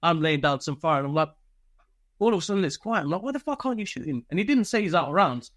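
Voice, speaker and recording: A man's voice: on the high side, animated, fast, a bit bright. A man, an army veteran and podcast guest, telling casual stories with plenty of swearing and laughter. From United Kingdom. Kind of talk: casual storytelling.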